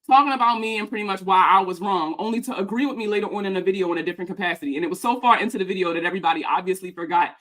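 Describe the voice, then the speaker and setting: A woman's voice: medium pitch, very fast, few pauses, fairly bright tone. Young woman, finance creator, angry profane rant, slightly winded. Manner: heated, profane, emphatic. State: out of breath. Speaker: personal finance content creator. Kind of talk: ranting reaction vlog.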